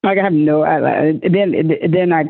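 A woman from Oklahoma telling a story in slangy, animated casual chat, acting out quotes in a high voice. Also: normal speed, no room sound. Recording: dry phone-like line.

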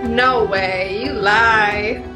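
A woman's voice: medium pitch, fairly even intonation, very slow, music in the background. A woman from Wisconsin, a guest on a podcast, chatting casually in a playful, giggly way. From Wisconsin, USA.

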